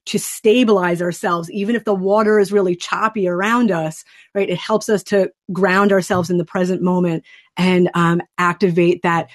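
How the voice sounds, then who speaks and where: A woman trainer leading a webinar, calmly and soothingly guiding listeners through a breathing exercise. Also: on the low side, normal speed. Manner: calm, soothing and instructive. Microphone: desk microphone.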